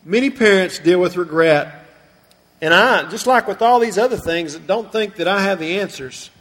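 A man with a high, light voice delivers a sermon from the pulpit. His speech rings out with the long reverb of a large hall. He retells the scripture story earnestly, slowing and softening on the grief-filled parts. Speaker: pastor.

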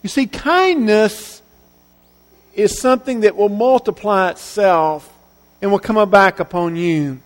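Male preacher, high voice, earnest emphatic sermon delivery with repeated phrases and quiet endings, long church-hall reverb. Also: measured pace. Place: church sanctuary.

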